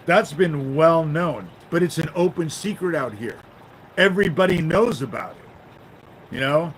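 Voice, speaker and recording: This livestream host delivers a profane, furious monologue, tacking "you know?" onto his lines again and again. His voice sits a little high with a fairly bright tone. The low-quality recording carries a faint hiss or hum.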